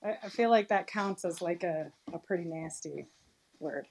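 A woman's voice: fairly low pitch, moderate pace, a little mellow, husky. Opinionated woman from western New York, blunt casual talker. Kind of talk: casual chat.

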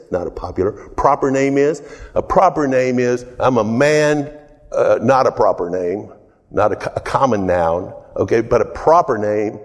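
A man preaching an informal sermon, rambling and conversational, often pausing to ask the congregation questions. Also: lowish voice. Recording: long hall reverb.

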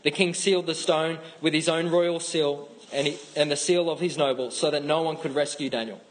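A man's voice: fairly high pitch, steady tone, fairly quick, rough recording. A man with an Australian accent giving a casual, chatty sermon, with frequent restarts. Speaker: pastor.

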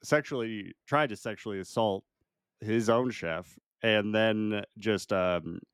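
A man's voice: on the low side, takes it slowly, fairly bright tone, smooth, no echo, clean studio sound. A man co-hosting a casual movie podcast, laughing often and restarting his sentences as he recounts the plot. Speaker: podcast co-host.

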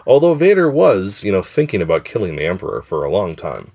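A man's voice: deep voice, wildly swooping pitch, a little fast, a little mellow. A man hosting a podcast in casual chat, thinking aloud and hedging as he circles back on his ideas. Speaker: podcast host.

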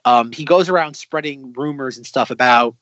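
A man's voice: mid-range voice, normal speed, fairly bright tone, dry recording. A man chatting casually and enthusiastically, rambling with many fillers. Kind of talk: casual chat. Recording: dry, slightly dull sound.

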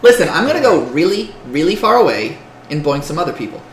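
A jittery little halfling dealer stammers and begs to be let go, as a game master puts him on. His voice jumps high and swings all over the place. The room is echoey, with a faint hiss behind. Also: very animated, fast. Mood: nervous pleading. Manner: pleading, stammering. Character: nervous fast-talking male halfling dealer.

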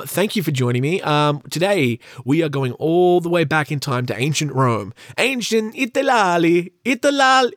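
A man's voice: on the high side, dry recording, clean studio sound. A man hosting a casual comedic podcast, rambling with joking asides and self-deprecating humor. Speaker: podcast host.

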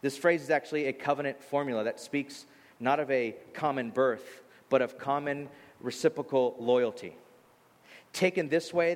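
A man preaching a sermon as a pastor, talking in a loose, conversational way and telling lively stories with quick asides. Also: medium pitch, big-room sound. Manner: conversational, animated storytelling with asides.

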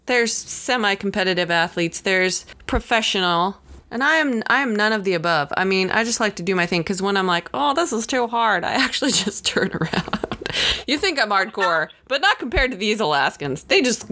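A woman in casual phone chat, talkative and quick to laugh, acting out little voices as she tells a story. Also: medium pitch, expressive, bright, forceful tone. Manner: chatty, laughs often, acts out little voices.

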